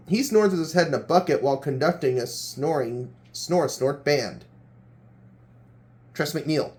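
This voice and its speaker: A man's voice: on the high side, unhurried, a little mellow. A man hosting a homemade quiz show role-play, reading clues with hesitant hums and restarts. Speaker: game show host.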